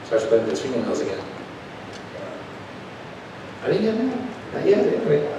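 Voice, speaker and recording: A man preaching a storytelling sermon in a folksy way, going from quiet asides to loud, emphatic telling. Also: a little high, very animated, moderate pace, noisy background. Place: church sanctuary. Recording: echoey church room heard from a distance.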